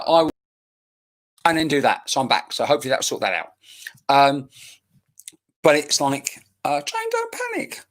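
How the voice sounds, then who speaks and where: A man working as a medium in a live-streamed reading talks in a chatty, rambling way, with casual banter and swearing. His voice sits high and is fairly bright, recorded on a webcam mic.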